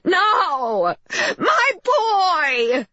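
A woman voicing a frantic, overprotective older mother who cries out in a shrill voice. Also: very animated, extremely slow, sharp tone, no room sound, exaggerated voice. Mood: frantic shrieking. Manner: shrill, crying out. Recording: slightly muffled recording.

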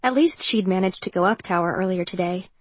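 A woman narrating an audiobook novel in an even, measured storytelling manner. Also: lowish voice, husky, dry recording. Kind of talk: scripted narration.

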